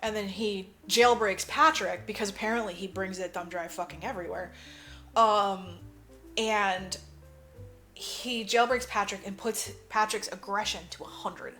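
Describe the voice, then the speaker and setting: Over soft background music, this woman retells a film's plot on a casual podcast she co-hosts, voicing the characters and cursing freely. Her mid-range voice is steady and fairly bright, her pace measured.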